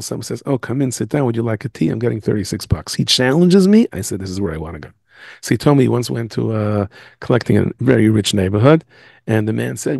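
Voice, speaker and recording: A man's voice: mid-range voice, gravelly, warm tone, husky, no echo, clean studio sound. A man, a rabbi, giving a storytelling lecture over a video call, acting out the dialogue in his stories. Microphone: Zoom.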